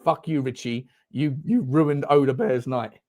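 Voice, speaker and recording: A young man hosting a live football watchalong, reacting loudly, swearing and shouting at the game. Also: mid-range voice, fairly even intonation, unhurried. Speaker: fan channel host. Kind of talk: live match watchalong commentary.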